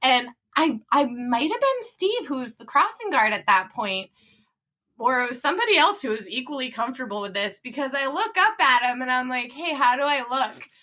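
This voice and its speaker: Laughing frequently, a podcast guest in her twenties animatedly relays a funny story in casual conversation, imitating what others said. She speaks at a normal speed in a high-pitched voice.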